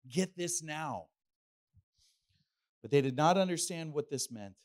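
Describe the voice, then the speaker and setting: Lively middle-aged preacher man, higher voice. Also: a little slow. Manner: animated, playful storytelling with acted asides. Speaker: pastor. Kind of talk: sermon.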